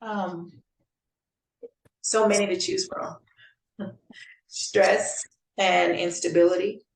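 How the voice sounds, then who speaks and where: A woman speaks very slowly and hesitantly, with many fillers and a low, gravelly voice. She comes through a video call from a roomy, echoey space. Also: steady tone. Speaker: ceremony participant.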